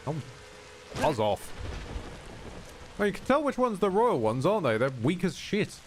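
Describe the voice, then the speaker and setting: A man's voice: high voice, big pitch swings, fast, a little hiss or hum. A man streaming a game, rambling and jokey, swearing often as he talks over the gameplay. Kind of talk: casual gameplay commentary.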